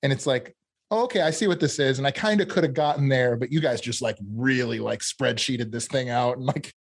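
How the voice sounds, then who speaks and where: A man's voice: mid-range voice, fairly quick, vocal fry, breathy edge. A man hosting a podcast interview, talking in a loose, casual way with many fillers. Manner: loose, filler-heavy talk with many "like" and "kinda". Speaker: podcast host.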